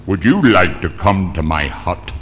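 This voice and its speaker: A man on stage voicing a sly tribal chief who speaks slowly and politely. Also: deep voice, lively intonation, fairly bright tone, a little hiss or hum. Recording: live hall with long reverb.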